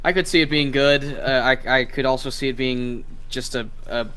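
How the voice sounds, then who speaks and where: A man's voice: mid-range voice, steady tone, moderate pace, fairly bright tone, smooth. Loose, swearing male podcast guest. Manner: loose, profane, rambling. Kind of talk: casual podcast chat.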